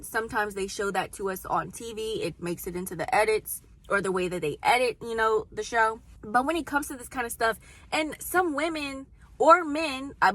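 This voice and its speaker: A woman chatting casually in a reading vlog, expressive and rambling, recorded on a phone. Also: medium pitch, dry recording. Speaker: book vlogger.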